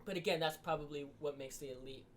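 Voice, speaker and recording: A man's voice: a little high, fast talker, a little hiss or hum. A man co-hosting a casual podcast, ranting with heavy swearing and acting out quotes. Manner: heavily profane, ranting, acts out wrestler quotes. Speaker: podcast co-host.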